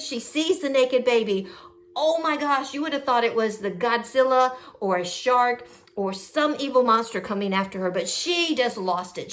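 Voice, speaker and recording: Animated high-voiced woman telling stories. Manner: animated, quotes people in a jumpy high voice. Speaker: host. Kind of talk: casual storytelling.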